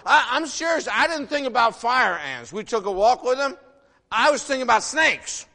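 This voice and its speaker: A man in his sixties, originally from the northern United States, preaching a sermon in an animated, folksy way, full of rhetorical questions. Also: very high voice, moderate pace. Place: church sanctuary. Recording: long reverb of a large hall.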